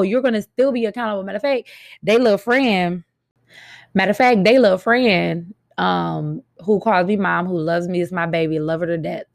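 A middle-aged woman speaks to her viewers in a casual, emphatic monologue, driving her points home by saying them twice. Her voice sits low with a gravelly edge. The recording is dry and close, with little room sound. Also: no room sound. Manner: frank, emphatic, repeats points for stress. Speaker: mother and vlogger.

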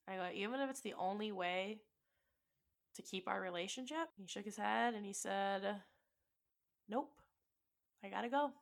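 A woman's voice: mid-range voice, moderate pace, creaky, long pauses, a bit bright. A woman in her twenties, a podcast host, telling a personal heartbreak story with emotion and swearing, acting out both sides of the dialogue. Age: 20s. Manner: emotional, swearing, quoting dialogue with rising intensity.

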